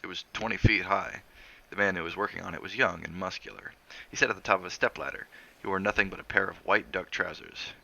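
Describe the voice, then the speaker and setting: On a stream, a man reads a novel aloud at a steady, measured pace. His very low voice has a gravelly fry but still sounds bright and forceful.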